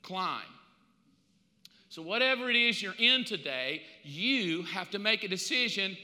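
A middle-aged male pastor preaching a sermon in a casual, animated storytelling way. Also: high voice, unhurried. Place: church sanctuary. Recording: reverberant church hall.

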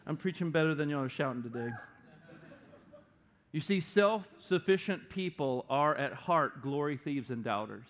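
A middle-aged man preaching a sermon as pastor, animated and playful, slipping into quick put-on voices. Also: a little high.

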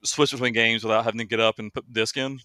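A man co-hosting a podcast in casual chat, easygoing, agreeing quickly and laughing often. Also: medium pitch, fairly even intonation, sharp tone, no echo. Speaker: podcast co-host. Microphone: remote podcast recording.

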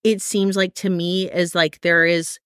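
A woman's voice: fairly low pitch, flat delivery, unhurried, a bit bright, clean tone, dry recording, clean studio sound. A woman co-hosting a podcast, chatting casually with lots of fillers and careful hedging. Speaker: podcast co-host. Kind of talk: casual chat.

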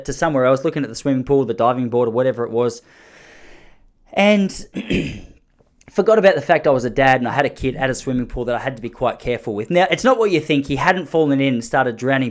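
A man in his thirties with an Australian accent, telling a funny personal story in a rambling, self-correcting way with sheepish asides. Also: a little high. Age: 30s. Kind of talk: casual comic storytelling.

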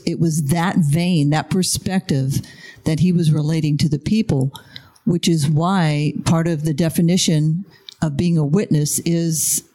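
A mellow, warm voice at a middle pitch, speaking in a measured, deliberate way during a faith discussion. The speaker pauses with fillers while building each thought. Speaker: Bible study participant.

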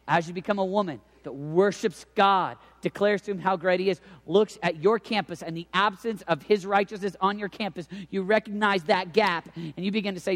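Man, thirties, preacher with a fairly high voice; drops to near-whispers and climbs to shouts; long hall reverb. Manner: swings from hushed near-whispers to loud shouted cries. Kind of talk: sermon.

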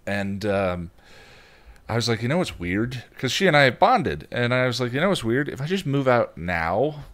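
A young man co-hosting a podcast in casual chat, telling long rambling stories. His pitch swoops all over as he talks, and he keeps breaking into squeaky toddler voices to act out his anecdotes. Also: sing-song, normal speed, a bit bright. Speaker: podcast co-host.

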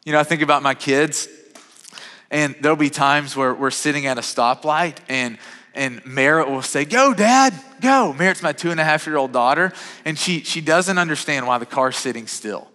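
Bright-voiced preacher in a reverberant hall. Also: male voice, a little high, moderate pace. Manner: conversational, many restarts and repeated words. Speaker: pastor. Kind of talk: sermon. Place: church sanctuary.

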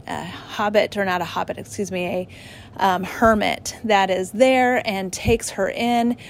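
A middle-aged woman giving an earnest personal testimony at church, halting now and then as she restarts. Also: mid-range voice, a little hiss or hum.

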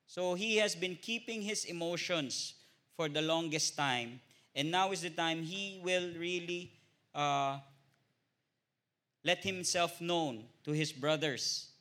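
A man with a Filipino accent giving an informal Bible study, often pausing on "uh" and ending points with a questioning "no?". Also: a little high, sharp tone. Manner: hesitant, many filler "uh"s and tag "no?".

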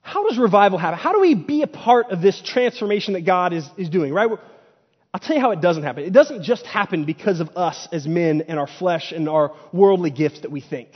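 A male preacher with a high voice gives a casual, conversational sermon from a church stage, slipping into paraphrased dialogue. The sound is dull and lo-fi, with a long hall reverb. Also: expressive, brisk.

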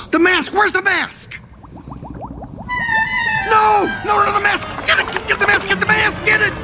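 A man voicing an anxious, grumpy father fish in an animated film, fretful and exasperated. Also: very high voice, a little slow, shouting, big-room sound, faint music behind, exaggerated voice. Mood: panicked.

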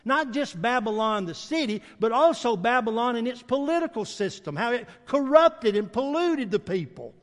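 Brief: male preacher, high-pitched and animated, emphatic sermon delivery, long church-hall reverb. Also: normal speed, hardly any pauses. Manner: rises to loud emphatic preaching, drops to low intense tones.

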